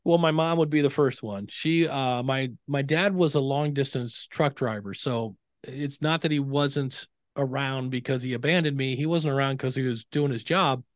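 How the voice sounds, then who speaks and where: A man's voice: medium pitch, moderate pace, few pauses, no room sound, clean studio sound. A middle-aged man, a podcasting expert guest in a casual interview, telling stories and acting out quoted dialogue. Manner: animated storyteller who acts out quoted dialogue.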